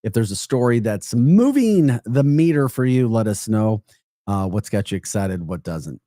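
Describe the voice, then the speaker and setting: A man's voice: on the low side, normal speed, dry recording, clean studio sound. A male morning radio host with a St. Louis Midwestern accent, chatting and joking casually on air. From St. Louis, Missouri. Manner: chatty, joking, animated asides. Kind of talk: casual radio show banter.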